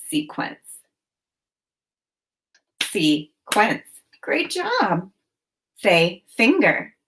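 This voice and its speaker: Slow, clearly spoken woman teacher. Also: fairly low pitch, fairly bright tone. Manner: slow, clearly enunciated, encouraging prompts. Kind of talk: children's phonics lesson.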